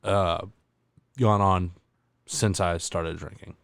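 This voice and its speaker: A man hosting a casual podcast conversation in a very low voice. He rambles and hesitates, leaning on fillers as he talks. The recording is dry and close. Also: steady tone, takes it slowly, gravelly, no room sound. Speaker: podcast host. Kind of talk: casual chat.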